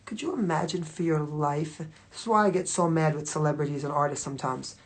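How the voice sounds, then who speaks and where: Low-voiced woman rambling on a livestream. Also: fairly quick. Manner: rambling, heavy on filler 'like', swears freely. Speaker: livestream host. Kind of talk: casual livestream monologue.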